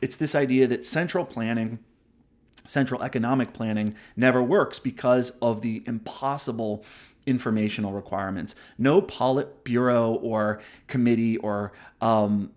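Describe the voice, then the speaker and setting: A man hosts a book review show and talks through big ideas in a casual, conversational way. He often tags his points with "right?" and admits it when he wanders off on a tangent. His voice sits at an average pitch. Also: moderate pace, a little mellow. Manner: self-aware digressions. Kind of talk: casual spoken commentary.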